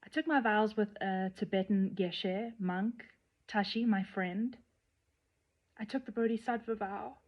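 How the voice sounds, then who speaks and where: Woman talking straight to camera, candid and a bit cheeky, mid pitch, kinda lo-fi audio. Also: unhurried. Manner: candid, playful, then earnest and emotional. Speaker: tantric nun sharing her journey. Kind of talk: personal vlog to camera. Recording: slightly dull, lo-fi sound.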